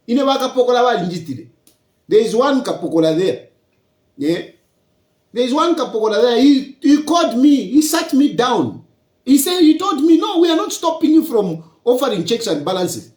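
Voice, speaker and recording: A Zambian-accented man holds forth as a politician, firing rhetorical questions at his listeners in a lecturing tone. His pitch rises and falls a great deal, and the recording rings with a roomy echo. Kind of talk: public political address.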